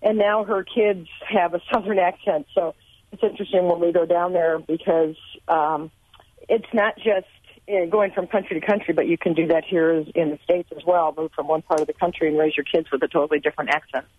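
A woman from the Chicago area calls in to a radio show and speaks hesitantly, with many ums. Her voice sits a little low and comes through a tinny phone line. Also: fairly even intonation, a little fast, slightly rough, dry recording. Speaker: caller.

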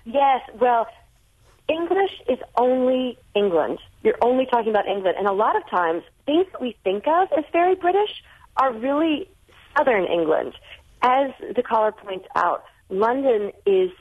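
A woman's voice: on the high side, expressive, normal speed. An American woman, a guest author, chatting on a radio call-in show, thinking aloud with frequent restarts. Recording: tinny phone line.

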